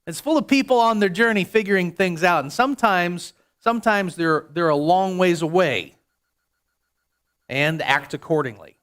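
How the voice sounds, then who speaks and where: High-voiced, chatty male pastor preaching. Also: normal speed, fairly bright tone, clear, resonant tone. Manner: conversational, jokey preaching with frequent restarts. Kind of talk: sermon.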